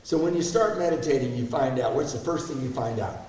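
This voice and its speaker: A man's voice: medium pitch, a little fast, a little mellow, slight background noise. A man in his sixties telling a candid, self-deprecating personal recovery story to an audience, asking them questions as he goes. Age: 60s. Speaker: guest speaker. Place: large hall before an audience. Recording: echoey hall, mic far off.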